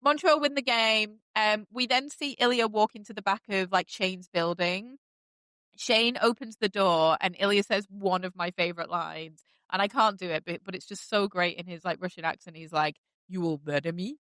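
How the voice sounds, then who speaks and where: A woman's voice: medium pitch, normal speed, a bit bright, no echo. A woman hosting a podcast, recapping a TV show in a gushing, chatty way with many fillers. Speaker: podcast host. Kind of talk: casual chat recapping a TV show.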